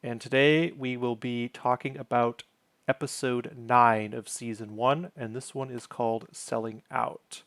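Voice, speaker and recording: Gravelly-voiced man rambling through a recap. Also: medium pitch, no echo. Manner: rambling, goes off on tangents and corrects himself. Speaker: host of a sitcom recap channel. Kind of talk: casual episode recap.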